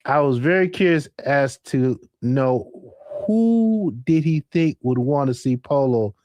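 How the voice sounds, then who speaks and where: A man hosting a late-night live stream, rambling, laughing and thinking out loud. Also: medium pitch, animated, slow, no echo.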